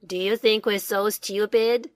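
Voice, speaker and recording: A woman's voice: medium pitch, steady tone, unhurried, no echo, close to an everyday voice. Woman reading as cross villagers, scolding and doubtful, close dry sound. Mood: annoyed. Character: grumpy village folk, annoyed and doubting. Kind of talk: storybook reading.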